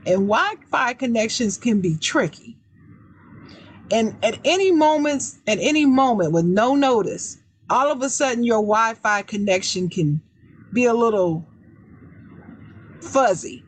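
A woman hosting a podcast, giving advice in a casual chat with a deliberately raised, emphatic voice that repeats key words. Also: a little high, animated, slightly rough, no echo. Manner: deliberately raised, loud speaking voice. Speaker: podcast host.

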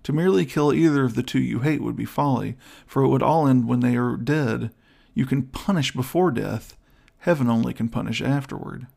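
Male reader as a vengeful young noble; measured, persuasive, gravelly edge. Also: medium pitch, darkish tone. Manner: smooth, persuasive, measured arguing. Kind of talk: audiobook character voice.

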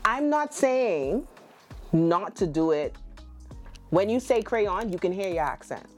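Deep-voiced woman host, chatty and teasing, faint music bed. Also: measured pace, dark tone. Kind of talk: casual chat, word-reading comparison.

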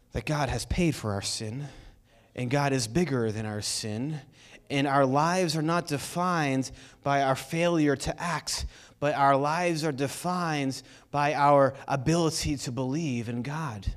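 A man preaching a sermon in a conversational, energetic way, asking the congregation rhetorical questions. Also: fairly high pitch. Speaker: pastor.

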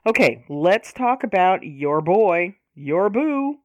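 A woman's voice: lowish voice, big pitch swings, takes it slowly, darkish tone, no room sound, muffled recording. A woman co-hosting a casual podcast chat, with many fillers, laughs and sighs. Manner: chatty, lots of fillers, laughing, sighing. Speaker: podcast co-host.

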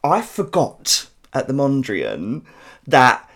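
With a slightly bright, medium-pitched voice that swoops wildly up and down, a South London man talks at a slow pace. He hosts a podcast where he tells stories casually, swearing heavily and laughing often.

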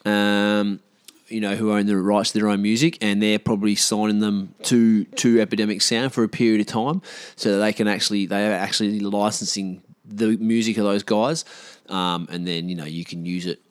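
A man's voice: on the low side, level tone, moderate pace, clear, resonant tone, dry recording. A man talking loosely to camera in a casual vlog, rambling with slang and restarts. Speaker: vlogger.

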